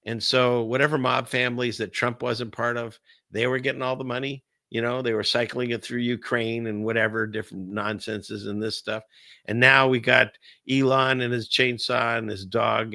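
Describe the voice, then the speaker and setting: A man hosts a casual commentary stream in a gravelly, bright-edged voice, rambling from point to point with sarcasm. His sound is dry and close, with no room around it. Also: mid-range voice, steady tone, normal speed, dry recording. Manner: rambling, sarcastic, laughs between remarks. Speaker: host of a political commentary stream.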